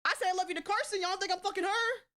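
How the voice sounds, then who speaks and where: A young woman streaming live, chatting casually and bluntly, swearing a lot and swinging between loud outbursts and quieter asides. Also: very high-pitched, fairly even intonation, racing. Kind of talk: casual livestream chat.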